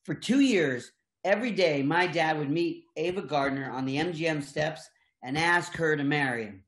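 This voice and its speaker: Recorded in a room with echo, this older man is a voice actor guest sharing meandering, laugh-filled stories and frequently starting over. His pitch is on the high side, his pace moderate and his tone a bit bright.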